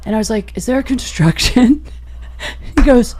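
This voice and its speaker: A woman comedian, a podcast guest, telling a raunchy personal story in an animated way and laughing as she goes. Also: moderate pace, pauses often. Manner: animated, gets loud and high-pitched as the story peaks; laughs through her own story.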